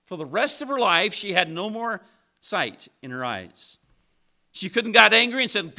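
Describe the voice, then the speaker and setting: Male preacher, high and sharp-toned, emphatic sermon delivery. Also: big pitch swings, normal speed. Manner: preaching with emphatic rises and drops.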